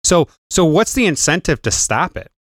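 A man co-hosting a casual podcast chat, rambling and cursing, with halting restarts. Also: fairly high pitch, big pitch swings, a bit bright, no room sound, studio quality. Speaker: podcast co-host.

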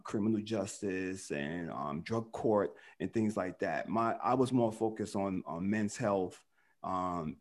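A man's voice: on the low side, darkish tone. A man co-hosting a casual podcast chat, telling stories animatedly and peppering his speech with "man". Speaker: co-host.

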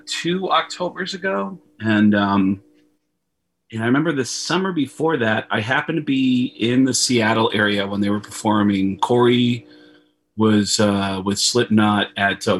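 A middle-aged comedian telling a profane, animated story as a guest over a video call, laughing often. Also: male voice, on the low side. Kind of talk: casual storytelling.

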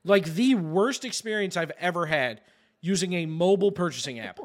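A man's voice: high voice, lively intonation, normal speed. A man, a podcast co-host telling a story in casual chat, with a profane, exasperated delivery.

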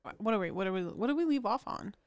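A woman's voice: mid-range voice, animated, quick pace, no echo, clean studio sound. A woman co-hosting a podcast in casual chat, joking and laughing as she talks. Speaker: podcast co-host.

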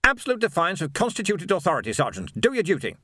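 A blustering, self-important officer snaps out orders in a raised, strained pitch. His indignation never settles. A man reads him in an audiobook. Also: wildly swooping pitch, fast, fairly bright tone, dry recording, clean studio sound, heavily acted. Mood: indignant. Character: pompous blustering male officer.

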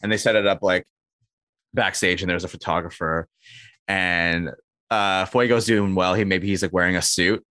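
Low-voiced man riffing in casual chat. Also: fairly even intonation, moderate pace, sharp tone, dry recording, studio quality. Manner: pitching comedy bits, acts out characters.

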